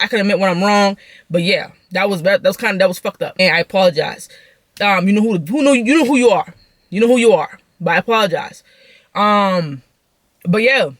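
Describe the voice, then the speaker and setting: A young woman venting through a story, talking in a profane, animated way. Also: mid-range voice, no echo. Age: young adult. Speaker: vlogger.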